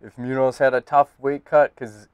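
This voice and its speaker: A man's voice: medium pitch, little pitch movement, moderate pace, clear, resonant tone, no room sound. A man co-hosting a casual podcast, talking bluntly with lots of swearing and laughing banter. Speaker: podcast host.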